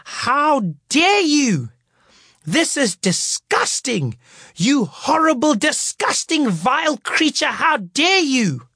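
A furious woman teacher shrieks her outrage in a high, strained voice, as a male storyteller puts her on. She lashes out in sharp, scolding bursts that swoop up and down. The sound is close and dry. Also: big pitch swings, takes it slowly, dry recording, heavily acted. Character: livid, indignant woman teacher scolding a performer.

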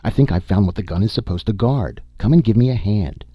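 A man's voice: on the low side, fairly quick, husky, dry recording, dull audio. A man voicing an eager, curious male archaeologist in an audiobook. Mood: excited. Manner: eager, excited.

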